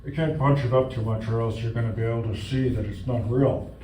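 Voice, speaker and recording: A man's voice: medium pitch, a little fast, far from the mic, very noisy. A man doing goofy improvised comedy sketches in a playful, silly way, saying "okay" a lot. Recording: roomy echo.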